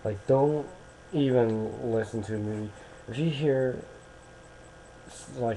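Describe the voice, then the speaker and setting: A man's voice: mid-range voice, takes it slowly, long pauses, warm tone, a little hiss or hum, poor audio. A young American man talking casually into a webcam, rambling and hesitant with many restarts. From United States.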